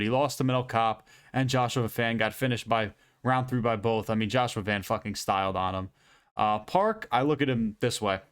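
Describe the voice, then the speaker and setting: A young man hosting his own channel, giving casual, rambling, profane fight predictions and correcting himself often. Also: mid-range voice. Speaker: channel host, fight analyst.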